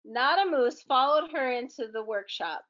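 A woman's voice: sits high, animated, moderate pace, a bit bright, dull audio. A woman teacher reading a picture book aloud to children, with chatty asides to her young listeners.

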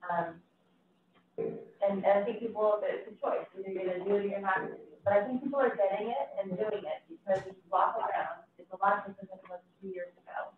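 A woman's voice: medium pitch, fast talker, a little hiss or hum. A woman speaking at a community meeting, repeating her point insistently. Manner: repetitive and insistent. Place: city meeting room. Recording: echoey hall, far from mic, phone-like.

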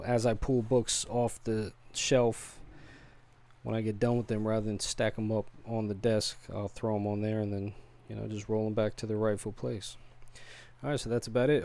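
A man with a fairly low voice shows off his bookshelves in a relaxed home video. He talks in an easygoing way, pausing and filling gaps with ums. It is recorded on a handheld camera in a home office. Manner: relaxed, unhurried, with frequent ums and trailing pauses. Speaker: vlogger giving a home library tour. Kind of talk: casual home video tour.

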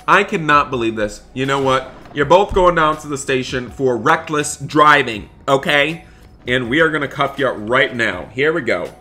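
A man's voice: mid-range voice, lively intonation, normal speed, bright, forceful tone, faint music behind. A man playing a police deputy in a game role-play, barking commands and repeating his disbelief in an exasperated way. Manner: repeats stock phrases in disbelief.

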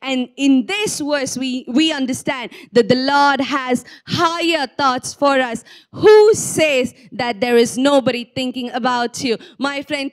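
A woman's voice: high-pitched, expressive, takes it slowly. A woman preaching a sermon, earnest and rising to fervent exhortation.

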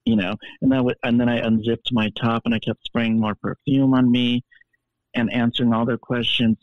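A man spins a story in a flamboyant, theatrical manner, his voice thin and tinny as if coming through a phone line. The sound is dry, with no room around him, and his pitch sits at an ordinary middle for a man. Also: moderate pace, no echo. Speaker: podcast guest. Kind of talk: animated storytelling.

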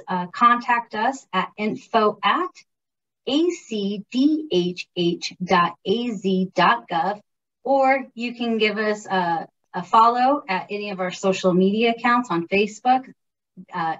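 A woman's voice: fairly high pitch, lo-fi sound. Woman talking from a distance, hesitant. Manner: hesitant, many fillers and restarts. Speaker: public policy director. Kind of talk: casual informational chat.

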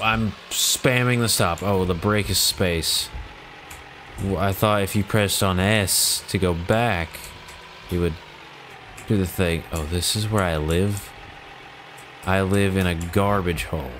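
A deep-voiced man talks slowly and lazily over his gameplay. He wisecracks at the characters and sighs over his run-down virtual home. Faint keyboard clicks sit under his voice. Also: fairly bright tone, slight background noise. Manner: joking, mock-exasperated, talks to game characters. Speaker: gaming YouTuber. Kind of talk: casual gameplay commentary.

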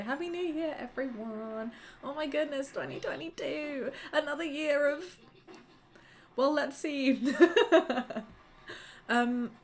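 A young woman chatting bubbly and casual with viewers during a live gaming stream at home, greeting them by name. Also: high-pitched. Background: game music.

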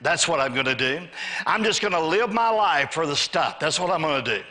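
In the sanctuary, a pastor with a slightly high, pushed and bright voice preaches briskly with lively intonation. He calls for amens from the congregation and plays out the voices of a greedy man and God in his story.

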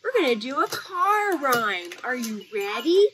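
A woman's voice: high-pitched, big pitch swings, measured pace, hardly any pauses, fairly bright tone, a little hiss or hum. A woman hosting a children's library storytime, playful and sing-song as she reads aloud and leads rhymes.

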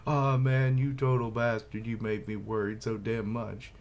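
A man reading out a young man's lines as he roughly scolds a friend who has come back. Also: low voice, moderate pace, a little mellow. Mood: scolding.

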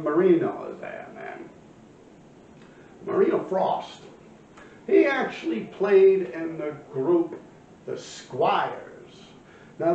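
A man's voice: a little high, darkish tone, a little hiss or hum. Streetwise New man in his fifties. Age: 50s. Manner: streetwise, profane, rambling with frequent fillers. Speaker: storyteller. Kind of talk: casual storytelling. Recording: echoey, distant, muffled room recording with faint ambience.

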